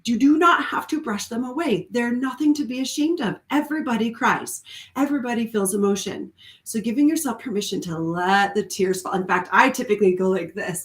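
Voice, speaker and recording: A spiritual coach and card reader speaks earnestly during a live stream, drifting off on tangents with frequent ums and little laughs. She has a fairly high pitch, a normal pace, and a reverberant sound.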